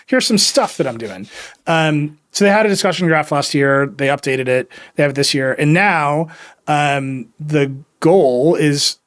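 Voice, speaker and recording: A man hosting a tech podcast in casual chat, wry and rambling, slipping into quoted asides. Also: medium pitch. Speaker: podcast host.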